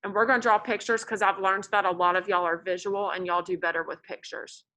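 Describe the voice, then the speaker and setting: A woman teaching a math class in a classroom, lively and joking as she tells stories to her students. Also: medium pitch, brisk.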